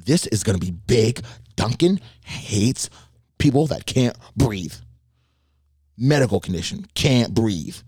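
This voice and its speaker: A man putting on the voice of a shrill, indignant middle-aged woman customer who is shouting her complaints. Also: animated, slow pace, slightly rough, dry recording, clean studio sound, heavily acted. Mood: demanding.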